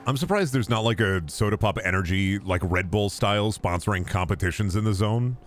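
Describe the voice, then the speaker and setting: A young man casually commenting on his gameplay, joking and breaking into sudden high yelps and shouts. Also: brisk, slight background noise. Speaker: gaming streamer.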